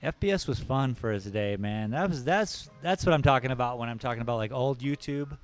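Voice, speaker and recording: A man's voice: mid-range voice, brisk. A laid-back man hosting a live drawing stream, rambling and joking with chat in a mid-range voice. Faint music plays behind him as he talks.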